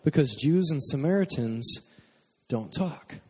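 A young man from Michigan preaching a sermon in a relaxed, conversational way, joking with the congregation between points. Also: fairly high pitch, unhurried, slightly rough. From Michigan, USA. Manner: conversational, jokey asides to the congregation. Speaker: pastor. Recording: long hall reverb.

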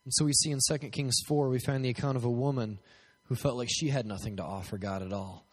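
A man's voice: medium pitch, steady tone, quick pace, husky. A man as pastor, preaching a joking sermon with prayer and questions to the crowd, speaking from a podium in a church hall. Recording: long hall reverb.

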